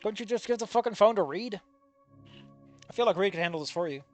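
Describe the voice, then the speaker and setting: A man with a high, bright voice reads fanfiction aloud, his pitch swinging wildly as he stops to mock the story. He swears casually and laughs at the text, with faint music playing underneath. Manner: animated, swears freely, quick to laugh at the text. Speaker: fanfiction reader and commentator. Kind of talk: dramatic reading with comedic asides.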